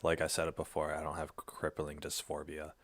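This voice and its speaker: Gravelly deep-voiced man, playful commentary. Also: monotone, a little fast, fairly bright tone. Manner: playful, laughs often, chats to his cat. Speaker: online content creator. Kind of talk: casual reaction commentary.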